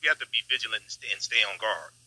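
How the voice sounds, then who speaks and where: A man giving urgent political commentary as a guest, speaking in halting bursts and calling the host brother. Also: fairly low pitch, lively intonation, bright, forceful tone, no room sound, rough recording.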